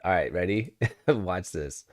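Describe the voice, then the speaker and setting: Laid-back young man, low voice. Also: lively intonation, unhurried. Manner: laid-back and slangy, laughs often, calls viewers dude and homie. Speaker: trading livestream host. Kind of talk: casual livestream chat.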